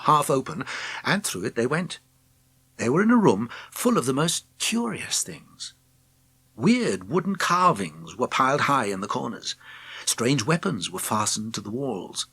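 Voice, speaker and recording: A man narrating a children's storybook with expressive, gentle storytelling. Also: medium pitch, vocal fry, breathy edge, dry recording. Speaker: audiobook narrator.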